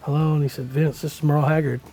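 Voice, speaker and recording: Older man, relaxed interview guest telling a story, dark gravelly voice. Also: on the high side, quick pace, faint music behind. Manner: relaxed storyteller, folksy with many "you know"s. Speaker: country musician, interview guest.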